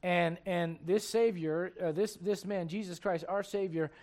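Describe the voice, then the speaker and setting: High-voiced preacher, soft then shouting. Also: male voice, steady tone, unhurried. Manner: swings from hushed tender passages to loud shouting bursts; repeats words, folksy asides to the congregation. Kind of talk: sermon.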